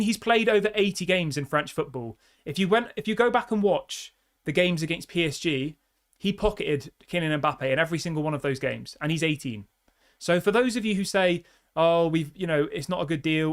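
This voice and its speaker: Excitable football fan on a live stream. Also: male voice, a little high. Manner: excitable, chatty, reads viewer comments. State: out of breath. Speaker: fan channel host.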